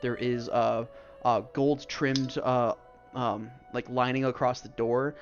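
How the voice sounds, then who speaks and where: A man narrating a tabletop game as game master, rambling through his descriptions with many fillers. His voice sits at an ordinary pitch, and the audio is dull and lo-fi with faint music behind. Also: little pitch movement, takes it slowly. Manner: rambling, full of "like" and "um".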